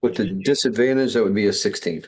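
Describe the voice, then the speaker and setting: A male tabletop player speaking partly in character. His voice is very low and husky, and he talks in a measured, unhurried way. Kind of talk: playing a tabletop game.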